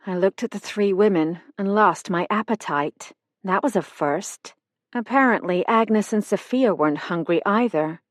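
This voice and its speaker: Measured woman narrating an audiobook. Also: fairly low pitch, no room sound, clean studio sound. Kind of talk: scripted narration.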